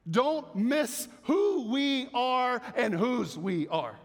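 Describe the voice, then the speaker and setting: A man preaching a sermon as pastor, animated, swinging between loud emphasis and soft asides. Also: very high-pitched, extremely slow, big-room sound.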